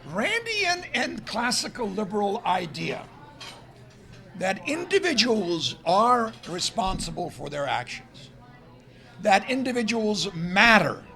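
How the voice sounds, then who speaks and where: Male lecturer, high voice with a gravelly edge, emphatic and argumentative. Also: huge pitch swings, takes it slowly, bright, forceful tone. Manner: emphatic, argumentative, stresses key words. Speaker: guest lecturer. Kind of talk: public lecture. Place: restaurant event room.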